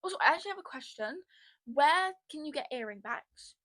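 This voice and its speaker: A woman's voice: sits high, expressive, fairly quick, fairly bright tone, no room sound. A young woman hosting a casual solo podcast, rambling and chatty, blunt and given to swearing, into a podcast microphone. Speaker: podcast host.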